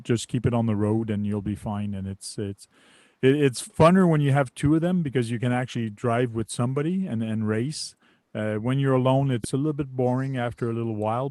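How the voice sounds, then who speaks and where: A man hosting a casual group chat, explaining things in a relaxed way with many fillers. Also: mid-range voice, dry recording. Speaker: host.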